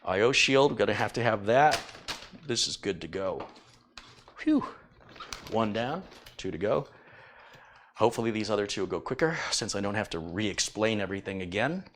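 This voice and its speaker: A man's voice: lowish voice, lively intonation, normal speed, long pauses, fairly bright tone, slight background noise. A middle-aged man chatting casually on a live tech stream, rambling and self-deprecating as he thanks viewers. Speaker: tech YouTuber reading donations.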